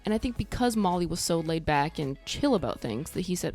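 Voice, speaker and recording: A woman's voice: lowish voice, lively intonation, fairly quick, darkish tone, soft background music. A woman recapping a reality show in a casual vlog, blunt and sarcastic, swearing freely. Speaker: TV recap vlogger.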